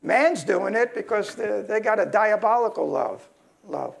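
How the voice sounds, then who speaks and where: A man's voice: high voice, expressive, a little slow, vocal fry. A man preaching a sermon in a heated, emphatic way, often restarting his sentences.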